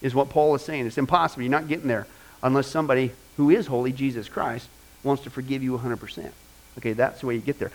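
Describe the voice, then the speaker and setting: A man teaching a Bible class in an informal style, animated and joking with vivid asides, speaking into a microphone. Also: medium pitch, fast talker, poor audio.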